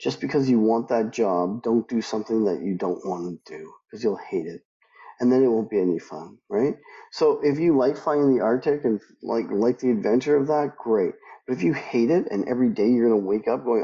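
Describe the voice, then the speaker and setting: Middle-aged male interviewee, gravelly and warm, emphatic with frequent restarts, dull lo-fi sound. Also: medium pitch, lively intonation, normal speed. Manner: emphatic, many restarts, voice rises when quoting others. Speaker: guest, aviation professional. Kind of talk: conversational interview answers.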